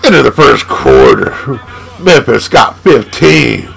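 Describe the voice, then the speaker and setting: A man hosting his gaming channel, giving loud, hyped commentary while playing a basketball video game at home. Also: mid-range voice, huge pitch swings, takes it slowly, gravelly, rough recording. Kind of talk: excited live gameplay commentary.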